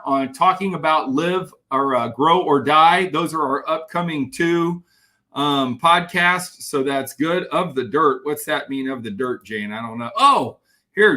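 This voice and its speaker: A man giving an energetic live-streamed motivational talk as a keynote speaker, greeting viewers by name as he reads their comments. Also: fairly high pitch.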